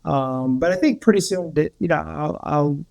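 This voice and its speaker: Male healer guest, rambling storyteller, fry in the voice. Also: fairly high pitch, normal speed, a little mellow. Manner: rambling, repeats words, many restarts. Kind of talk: casual storytelling.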